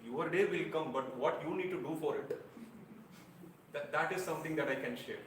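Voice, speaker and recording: A man's voice: on the high side, normal speed, a little hiss or hum. A man giving an evaluation speech at a club meeting, earnest and frank with light self-deprecating humor. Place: air-conditioned meeting room. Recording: roomy, distant, with faint room ambience.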